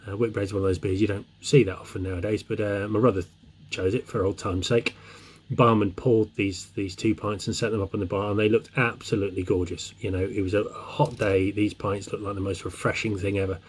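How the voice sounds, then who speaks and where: A man's voice: lowish voice, flat delivery, fairly quick, husky. A man telling a joke as a chatty, meandering anecdote. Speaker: joke teller.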